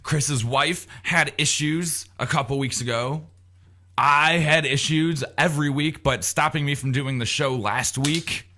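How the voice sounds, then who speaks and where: A man's voice: on the high side, measured pace, sharp tone. A man hosting a radio talk show, rambling and teasing his co-hosts in casual banter.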